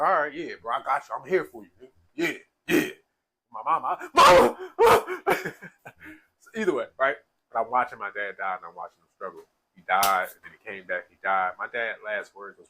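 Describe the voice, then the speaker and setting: A man's voice: mid-range voice, sharp tone, breathy edge, low-quality recording. A man in casual, slangy conversation, telling an emotional personal story through tears, with many restarts. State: tearful. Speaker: speaker sharing his life story.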